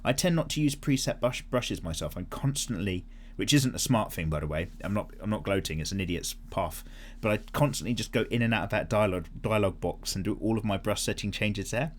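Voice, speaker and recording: A man hosting a casual art vlog, chatting and answering viewer comments in an animated way, swearing freely as he goes. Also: fairly low pitch, fairly quick. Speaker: art channel host.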